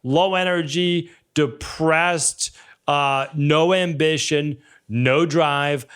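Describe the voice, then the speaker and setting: A man's voice: a little high, fairly even intonation, extremely slow, a bit bright, clear, resonant tone. Storytelling male podcast host. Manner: storytelling, acts out client exchanges in quoted voices. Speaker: podcast host, health practitioner. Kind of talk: casual solo podcast talk.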